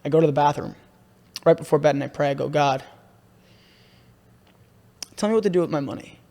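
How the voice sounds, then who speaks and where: A young man on a podcast, excitedly telling a long story and calling his listener "bro" a lot. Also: fairly high pitch, brisk, vocal fry. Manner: excitable, repeats himself, says "bro" a lot. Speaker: podcast host. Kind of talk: casual podcast chat, storytelling. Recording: room with long reverb.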